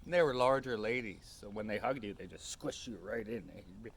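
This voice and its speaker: A man's voice: fairly low pitch, a little fast, creaky. Male vlogger, earnest, rambling personal storyteller, outdoor feel with faint background noise. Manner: earnest, rambling, many fillers.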